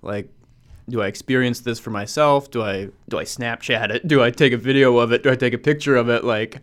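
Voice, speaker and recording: A man with a smooth, resonant voice talks as a guest on a podcast. He speaks in a relaxed way and often reaches for "like" and "you know". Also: medium pitch, fairly quick. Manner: relaxed, filler-heavy talker. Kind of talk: casual chat.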